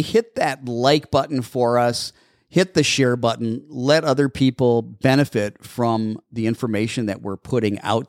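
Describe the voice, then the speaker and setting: A man's voice: mid-range voice, no room sound, clean studio sound. A man hosting a call-in pet podcast, answering listener questions about dog training with practical, step-by-step advice that he repeats patiently. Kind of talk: call-in radio show Q&A.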